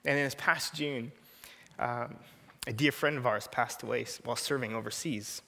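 A man's voice: medium pitch, normal speed, vocal fry, sharp tone, in a large hall. A man in his thirties preaching an earnest, personal sermon, often repeating a short prayer.

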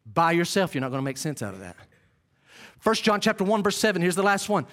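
A male pastor preaching a sermon to a congregation, reading scripture slowly and with emphasis. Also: sits high, very animated, a bit bright. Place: church before a live congregation.

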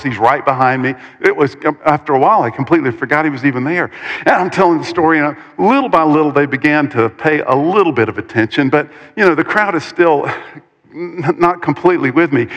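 Man, preacher, animated storytelling, dramatic pauses, slightly high voice, reverberant sound. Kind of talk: sermon storytelling.

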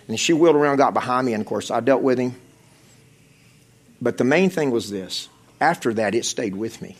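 A man preaching with fervor, his husky voice rising into loud calls and sinking to near-whispers. He sounds like a pastor in the middle of a sermon, pressing his listeners hard. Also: medium pitch, animated, moderate pace. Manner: impassioned preaching, swinging from loud exhortation to hushed intensity.

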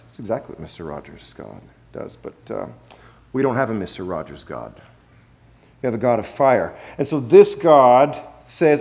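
This male pastor speaks at a medium pitch, preaching with emphasis. He hammers on repeated key phrases, alternating between booming declarations and quiet asides.

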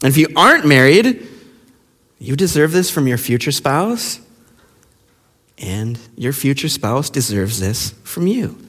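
A male pastor preaching a sermon with passion, firing rhetorical questions and dropping to hushed lines. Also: mid-range voice, very animated, unhurried, pauses often. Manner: impassioned, with rhetorical questions and sudden hushed drops. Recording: long reverb of a large hall.

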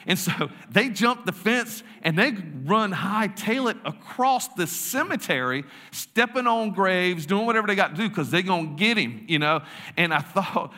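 A man's voice: a little high, sing-song, moderate pace, sharp tone, long reverb tail. A man, a youth pastor telling a funny story in a casual, rambling sermon. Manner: joking, self-deprecating, rambling with restarts.

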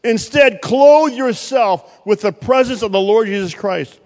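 A male pastor preaching a sermon, swinging from loud bursts to quiet, pointed asides. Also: very high voice, unhurried. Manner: preaching with sudden loud rises and quiet drops. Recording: long hall reverb.

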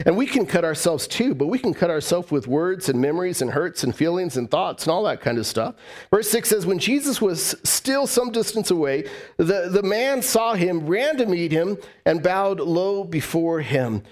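A male pastor delivering a sermon in an animated storytelling manner. His voice sits a little high for a man and climbs and drops as he tells stories to his congregation. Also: normal speed. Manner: animated storytelling, voice rising and falling.

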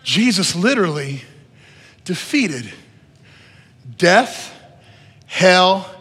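A man preaching a sermon as pastor to a congregation, repeating key phrases and building to loud emphatic peaks. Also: high voice, big pitch swings, extremely slow, slightly rough. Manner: repeats phrases for emphasis, asks the room to respond. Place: church hall with long reverb. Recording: echoey church hall.

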